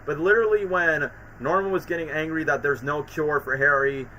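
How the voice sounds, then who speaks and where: Excitable man with a bright voice. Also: on the high side, fairly quick, a little hiss or hum, rough recording. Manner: excitable, acts out quoted lines from scenes. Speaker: streamer. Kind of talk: casual commentary.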